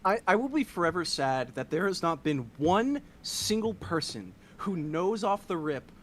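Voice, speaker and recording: A man's voice: high-pitched, sing-song, normal speed, a bit bright, a little hiss or hum. A man in a casual group chat, wry and earnest, talking in long runs.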